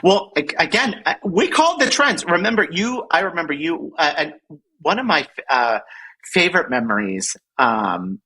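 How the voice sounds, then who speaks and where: A woman's voice: low-pitched, big pitch swings, moderate pace, bright, forceful tone, slightly rough, low-quality recording. A woman in her forties hosting a podcast, chatting casually and ranting with profanity and frequent laughter. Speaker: podcast host. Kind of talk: casual chat.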